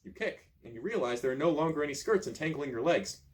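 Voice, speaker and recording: A man reading a choose-your-own-adventure book aloud in an expressive storytelling manner, adding casual asides. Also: a little high, fast, noisy background. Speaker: reader, channel host.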